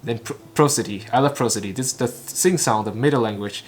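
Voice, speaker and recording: There is a little hiss or hum under this mid-range male voice. The speaker, from Vietnam with Vietnamese as his first language, is an English learner and channel host. He repeats a recorded talk phrase by phrase, line by line, in halting, clipped pieces with many stumbles and restarts.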